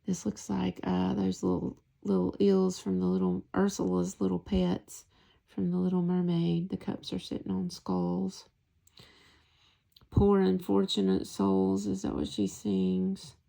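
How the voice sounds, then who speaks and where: A woman in a soft-spoken tarot deck flip-through, murmuring and whispering her delight at each card. Her voice is low and mellow, with a heavy gravelly fry. She takes her time and stretches out the words she admires. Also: level tone, measured pace. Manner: hushed, often whispering, gushing over artwork.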